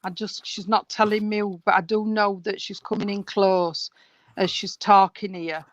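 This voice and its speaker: A woman's voice: medium pitch, fairly even intonation, moderate pace, no echo, muffled recording. A woman working as a spiritualist medium, chatty and rambling, calling people sweetheart and darling as she gives a reading over a video call. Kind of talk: live mediumship reading at an online service.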